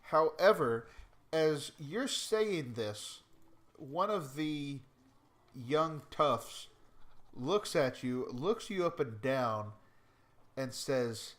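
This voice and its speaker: Slow, animated male game master. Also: a little high. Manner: relaxed, explaining rules with hesitations. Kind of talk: narrating a tabletop game.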